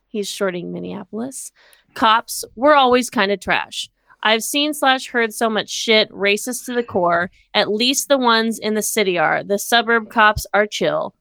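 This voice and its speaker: Bright, kinda high woman on a podcast, blunt and sweary, dry close mic. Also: no room sound. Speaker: podcast co-host. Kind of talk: casual chat. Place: Los Angeles.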